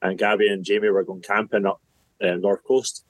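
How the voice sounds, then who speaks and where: A young man from Scotland telling a story in a relaxed, teasing way, chuckling as he goes. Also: fairly low pitch, normal speed, no room sound, poor audio. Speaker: groom-to-be guest. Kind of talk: casual storytelling chat.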